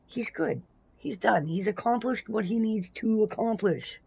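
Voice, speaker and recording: A Canadian woman streaming a game live, chatting casually, swearing freely and breaking into loud playful outbursts. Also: medium pitch, unhurried, vocal fry, husky, rough recording. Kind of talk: casual live-stream chat while gaming.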